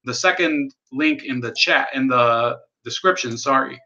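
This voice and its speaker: A man hosts a casual political livestream, rambling and sardonic, cursing as he reads out chat messages. His medium-pitched voice is bright and forceful, a little slow, and the recording has its highs cut off.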